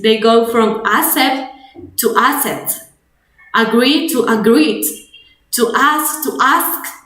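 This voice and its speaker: Her voice a little high and fairly bright, a young Spanish-accented woman leads an English grammar webinar from an echoey room. She is a native Spanish speaker who explains patiently step by step, often restarting or repeating herself and mixing in Spanish.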